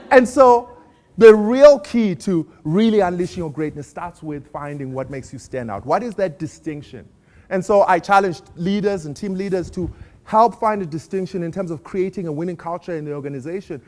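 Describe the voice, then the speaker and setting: Man, motivational speaker, fairly high voice, storytelling, playful audience questions. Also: animated, a little fast. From South Africa. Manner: storytelling, warm humor, asks the audience questions. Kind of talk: inspirational keynote talk.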